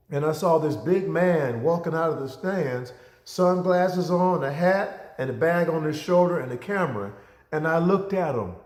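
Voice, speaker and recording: A man telling a personal story as a motivational speaker, acting out the dialogue with big vocal jumps. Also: a little high. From Ohio, USA. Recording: roomy echo.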